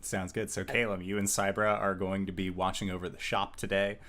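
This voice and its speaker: A man narrating as game master of a tabletop game, slow with many filler sounds. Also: low voice, flat delivery, fairly bright tone.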